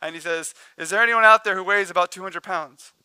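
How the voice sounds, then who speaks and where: Pastor guy preaching, high bright voice, super dry close sound, animated storyteller. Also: brisk, smooth, dry recording. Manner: animated, jokey storytelling with laughs and acted-out quotes. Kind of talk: sermon. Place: church.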